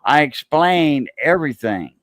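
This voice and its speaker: Hosting a relaxed conversation, this Cajun-accented man from South Louisiana spins long stories, halting often with fillers and restarts. He sounds a little high, animated, and fairly bright, with no audible room sound.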